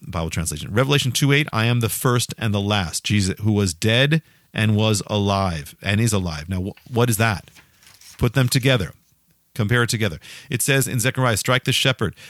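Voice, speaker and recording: A man's voice: sits low, dry recording, studio quality. A man preaching a sermon with emphatic, repeated phrasing, restarting his sentences and putting questions to his listeners.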